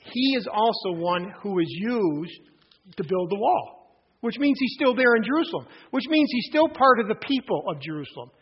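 A man delivers a sermon in a raised, husky voice. He speaks earnestly, restarting phrases and pausing for emphasis. The recording is dull and lo-fi. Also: high-pitched, big pitch swings. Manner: earnest preaching with frequent restarts and emphatic pauses. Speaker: pastor.

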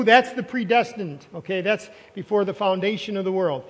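A man's voice: high-pitched, moderate pace. A male pastor preaching a sermon, emphatic, repeating phrases and quizzing the congregation. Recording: long reverb of a large hall.

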